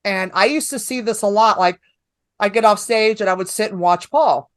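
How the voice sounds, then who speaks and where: A woman's voice: mid-range voice, normal speed, dry recording. A woman stand-up comedian, a guest on a podcast, talking casually and telling stories with acted-out quotes. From New York. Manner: animated storytelling with acted-out quotes.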